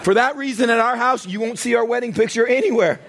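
Acting out characters with frequent shouts and laughter, this middle-aged pastor preaches a funny, animated sermon in a church. He talks fast in a very high voice, and there's slight background noise.

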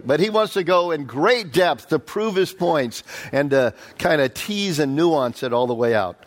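Preacher guy walking thru a bible chapter, kinda high voice, keeps asking the crowd stuff, gets animated. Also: unhurried, hardly any pauses. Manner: conversational, quizzes the audience with asides; animated, jumps up in pitch for quotes. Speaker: pastor. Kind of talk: sermon, verse-by-verse Bible teaching.

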